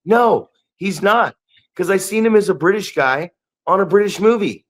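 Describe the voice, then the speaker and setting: A man's voice: high-pitched, expressive, moderate pace. A man co-hosting a podcast, ranting heatedly and swearing a lot. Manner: profane, ranting, emphatic. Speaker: podcast co-host. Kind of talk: heated casual podcast talk.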